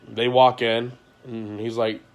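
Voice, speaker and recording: A man in an ordinary middle pitch speaks straight to his audience in a confessional monologue. His voice jumps from loud outbursts to hushed, low passages. He keeps restarting his sentences and swears bluntly while he recounts what happened. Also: flat delivery, takes it slowly. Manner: agitated storytelling, voice rising and falling sharply; frequent restarts and profanity. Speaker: vlogger.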